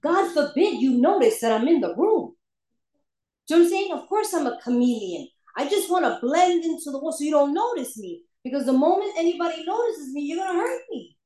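Woman, recovery share, candid storyteller with ready laughter, high pitch, echoey room. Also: big pitch swings, a little fast, warm tone. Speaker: speaker sharing at a recovery meeting. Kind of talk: personal recovery testimony.

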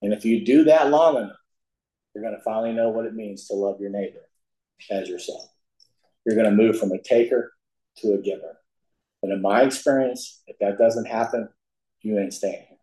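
A man's voice: on the low side, normal speed, pauses often, mellow. An older man speaking to a recovery meeting, telling his story in a folksy, emphatic way. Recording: echoey hall.

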